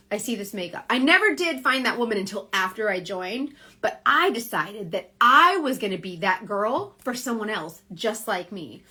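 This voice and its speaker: A woman's voice: medium pitch, sharp tone, slightly rough. A woman, rambling in a casual motivational livestream, full of "like" and self-corrections, speaking into a phone. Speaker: direct sales team leader. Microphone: phone on a social media livestream.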